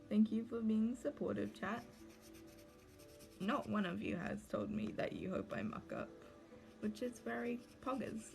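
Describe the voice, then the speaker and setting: A young woman talks her chat through a tricky craft job, fretting and rambling as she works. Her voice has a gravelly fry to it, and soft music plays faintly behind her. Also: a little high, animated, moderate pace, long pauses. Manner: anxious, rambling, talks to chat while drawing. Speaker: livestreaming cosplay maker. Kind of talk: casual livestream chat while crafting.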